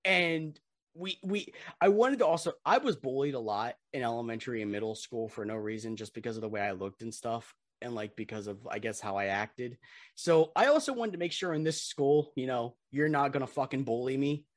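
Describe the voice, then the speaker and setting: A man's voice: mid-range voice, lively intonation, fairly quick, no room sound, clean studio sound. A young man co-hosting a podcast, telling stories in a rambling, swearing, laugh-filled way. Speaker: podcast co-host. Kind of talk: casual podcast chat.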